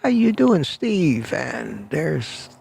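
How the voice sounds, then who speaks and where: Male livestream host, casual and chatty, gravelly timbre, dry close sound. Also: a little high, very animated, very slow, darkish tone, no room sound. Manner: greets viewers by name, repeats phrases. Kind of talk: casual morning livestream chat. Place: outdoors in cold weather.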